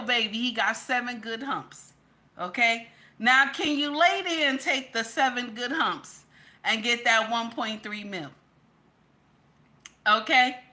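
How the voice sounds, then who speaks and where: A woman's voice: sits high, bright, forceful tone. A woman, commenting casually and emphatically to her viewers, peppering every line with "okay?" and calling them "baby.". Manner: chatty and emphatic, keeps repeating "okay?"; addresses viewers directly as "baby" and "y'all". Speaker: social media commentator.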